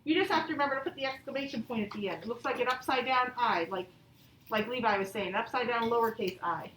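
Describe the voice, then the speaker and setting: Woman teacher, high voice, patient and encouraging, slow example reading, echoey classroom, distant mic. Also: fairly bright tone, slight background noise. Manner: patient, encouraging, reads example sentences slowly. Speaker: elementary school teacher. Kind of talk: classroom grammar lesson. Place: classroom, also streamed to pupils at home.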